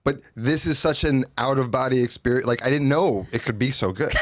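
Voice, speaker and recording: A food creator on a podcast, chatting with enthusiasm and trailing off. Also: male voice, mid-range voice, normal speed, hardly any pauses, slight background noise. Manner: enthusiastic, rambling with fillers. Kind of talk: casual chat.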